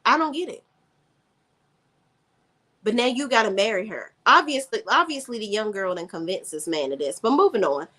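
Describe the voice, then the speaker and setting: A woman's voice: mid-range voice, lively intonation, a little fast, hardly any pauses, fairly bright tone. A woman hosting a casual live stream, recapping a TV drama and chatting sassily with her viewers. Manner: chatty, sassy, reads chat aloud. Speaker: TV recap host.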